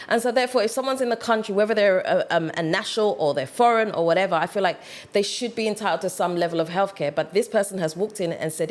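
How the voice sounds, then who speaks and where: A woman's voice: on the low side, fast, few pauses. A woman vlogger giving reflective, conversational commentary, thinking aloud with plenty of fillers. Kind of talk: commentary vlog.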